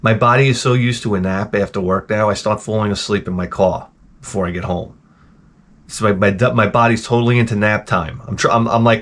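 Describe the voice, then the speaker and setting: A man's voice: lowish voice, steady tone, brisk, a bit bright. A middle-aged man hosting his own show, grumbling through a profane, exasperated casual rant. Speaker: show host. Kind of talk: casual ranting monologue.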